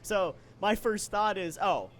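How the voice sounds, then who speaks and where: A man's voice: high-pitched, slow, fairly bright tone, slight background noise. A young man co-hosting a podcast, telling a story in a casual, profane, rambling way, full of restarts. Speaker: podcast co-host.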